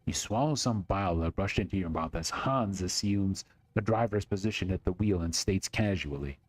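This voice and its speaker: A man's voice: low voice, normal speed, hardly any pauses, no room sound. A man streaming, reading a text game aloud dramatically with casual asides.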